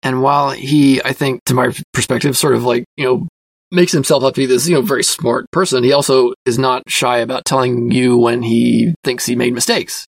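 A soft-spoken man talks his way through a magazine article, hedging and circling back with plenty of fillers. His voice sits at an ordinary middle pitch. The recording is close and dry, with no room sound. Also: steady tone, moderate pace, creaky, no room sound. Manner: thoughtful, hedging, self-reflective with many fillers; describes himself as a quiet person. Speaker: podcast host reviewing a magazine. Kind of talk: casual spoken commentary.

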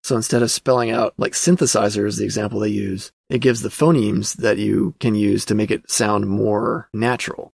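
A man's voice: lowish voice, fairly even intonation, normal speed, creaky, few pauses, darkish tone, no room sound, clean studio sound. A man hosting a casual podcast, reading through an old magazine and commenting as he thinks aloud, with plenty of fillers. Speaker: podcast host.

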